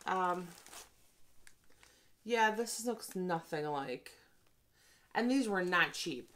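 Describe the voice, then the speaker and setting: A woman's voice: fairly low pitch, lively intonation, drawn-out words, a bit bright, slight background noise. A tired woman chatting casually as she reviews a haul, ranting and making self-deprecating asides. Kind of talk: casual chat.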